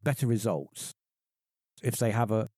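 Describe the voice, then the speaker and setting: A middle-aged man tells a story in a lowish, mellow voice, jumping up in pitch to act out the people in it. The recording is dry and close, with no room sound. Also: measured pace, no echo. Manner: animated, acts out quoted voices in a higher pitch. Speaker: podcast guest. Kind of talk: casual storytelling.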